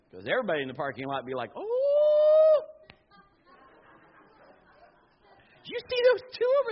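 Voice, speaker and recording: A middle-aged man pastor preaching a sermon, telling personal stories with animated asides and quoted voices. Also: on the high side, a little hiss or hum. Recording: dull lo-fi sound.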